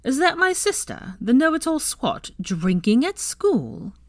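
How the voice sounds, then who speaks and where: A woman's voice: high-pitched, very animated, measured pace, no room sound, clean studio sound, pitched above the performer's own voice, full character voice. A woman voicing a teasing young man who needles his sister in a mock-formal way.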